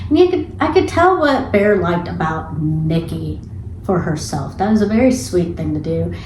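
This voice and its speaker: A woman giving a casual spoiler review of a film, retelling scenes in an animated, chatty way with some casual swearing. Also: fairly low pitch, normal speed, a little hiss or hum. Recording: echoey room.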